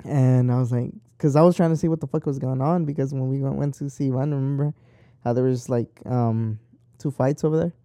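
A man's voice: mid-range voice, steady tone, fairly quick, dark tone, no echo. A young man chatting casually, rambling and swearing freely as he tells stories. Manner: rambling, profane and talkative. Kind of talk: casual chat.

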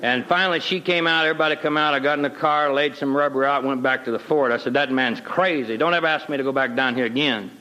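A man's voice: mid-range voice, fairly even intonation, fast talker, few pauses, bright, forceful tone, rough recording. A middle-aged man telling his personal conversion story in a folksy, plain-spoken way with homespun grammar. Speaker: guest telling his testimony.

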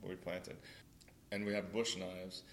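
Young man from Louisiana, low voice, chatty animated storyteller, a little background noise. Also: takes it slowly. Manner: animated, laughing storyteller with many fillers. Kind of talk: casual storytelling chat.

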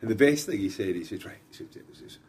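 A middle-aged Glaswegian man telling animated anecdotes in a casual podcast chat. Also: lowish voice, husky. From Scotland. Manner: animated anecdotes, quick laughs.

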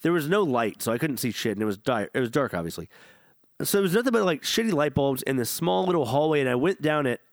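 A man's voice: medium pitch, big pitch swings, quick pace, no room sound. A young man co-hosting a podcast, telling rambling, profane stories in casual chat. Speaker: podcast co-host.

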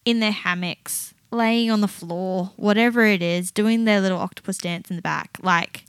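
A woman's voice: medium pitch, normal speed, clean tone, no room sound. A woman who works in child therapy, chatting casually on a podcast and telling stories with acted-out voices. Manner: animated storyteller who acts out voices. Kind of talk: casual chat.

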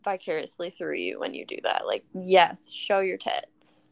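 A woman co-hosting a podcast, reacting with enthusiasm and quick laughter in casual chat. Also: fairly low pitch, sing-song, gravelly. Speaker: podcast co-host.

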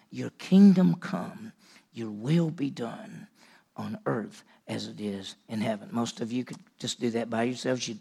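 A man's voice: a little high, creaky, husky. A male pastor preaching a sermon in a conversational way, asking the congregation questions and rising in emphasis. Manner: conversational preaching, rhetorical questions, animated rises.

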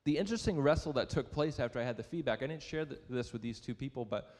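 This young adult man, a pastor, speaks quickly in a mid-range, darkish voice that fills the large hall of a church sanctuary. His sermon is built on a self-deprecating personal story told conversationally, with questions aimed at the congregation.

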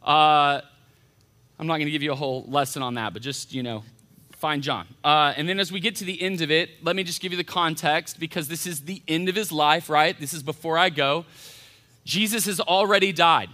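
A man with a twang preaching a casual sermon, his voice bright and forward and pitched a little high. He talks informally and with energy, and drops into little acted voices as he retells the story. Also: brisk. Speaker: college pastor. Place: church hall.

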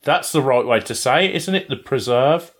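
A man's voice: medium pitch, expressive, brisk, fairly bright tone, slightly rough. A British man, co-hosting a casual chat, teasing and full of tag questions. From Britain. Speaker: podcast co-host.

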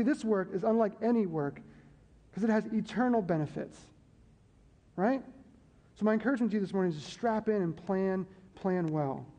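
A man's voice: high-pitched, mellow, highs cut off. A man preaching a sermon to his church in a conversational way, repeating key phrases and checking in with the congregation. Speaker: pastor. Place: church sanctuary. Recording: long hall reverb.

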